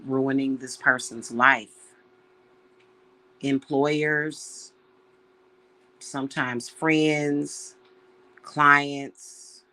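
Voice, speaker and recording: Slow, heartfelt woman spiritual host. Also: sits low, pushed and bright. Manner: slow, heartfelt, emotional, addresses viewers as y'all. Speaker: witch and spiritual reader. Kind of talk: casual spiritual talk to viewers.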